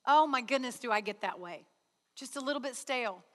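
A woman's voice: fairly high pitch, expressive, brisk, fairly bright tone. A woman giving an earnest sermon at a retreat, acting out prayer dialogues with God. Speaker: retreat speaker. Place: large hall. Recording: hall reverb.

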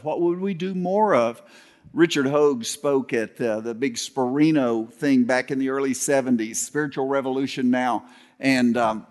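A man who is a pastor, preaching a sermon with folksy storytelling, humor, and some halting restarts. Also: mid-range voice. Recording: long hall reverb.

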